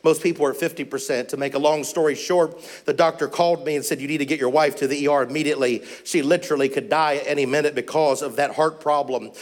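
A male missionary preacher telling a testimony from the pulpit. His voice sits a little higher than most men's, and he pushes into urgent, rising exclamations as the story builds. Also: steady tone, quick pace, hardly any pauses. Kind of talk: storytelling sermon.

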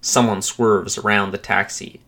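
A man with a fairly low voice reads a first-person thriller aloud, steady and measured. His delivery is deliberate and dramatic without rushing, keeping the tension in the telling. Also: vocal fry. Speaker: narrator. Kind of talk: scripted narration of a first-person thriller story.

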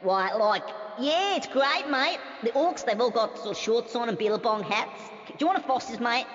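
A man doing a brash, joking Australian bloke caricature with a high, booming put-on Australian accent. The sound is dull and echoey, with a long reverb tail as if from a big hall. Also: lively intonation, normal speed, a bit bright. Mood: jokey.

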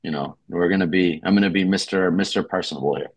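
Podcast host, man, Boston accent, deep, dry close sound, loose profane storyteller. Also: quick pace, dry recording. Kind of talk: casual sports podcast chat.

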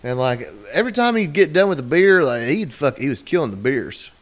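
A man's voice: on the high side, very animated, fairly quick. A man telling a long, crude, rambling story on a casual podcast, often acting out other people's lines. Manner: rambling, profane, acts out quoted voices.

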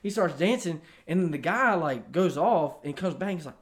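A man telling a bar story in casual chat, animated and profane, laughing as he goes. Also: a little high, moderate pace.

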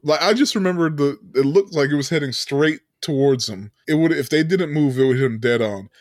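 A man's voice: on the high side, fairly quick, no echo, clean studio sound. A man co-hosting a podcast, recapping a film in casual chat, often laughing and acting out the characters' lines.

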